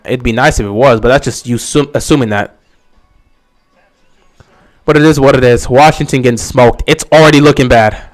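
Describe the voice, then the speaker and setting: A man hosting a casual sports fan livestream, talking in an opinionated, emphatic way, repeating his points and answering viewers' questions. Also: mid-range voice. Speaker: livestream host.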